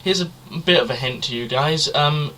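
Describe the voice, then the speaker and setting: A man's voice: on the high side, moderate pace, sharp tone, slight background noise. A young man co-hosting a casual podcast, rambling and chatty, swearing loosely. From Britain. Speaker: podcast co-host. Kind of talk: casual chat.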